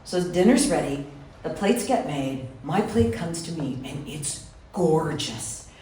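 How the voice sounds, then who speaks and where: A woman telling a personal story to a live audience in a lively, chatty way, often speaking to the crowd directly. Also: low-pitched, slow pace. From Wisconsin. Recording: roomy hall from far off, faint room noise.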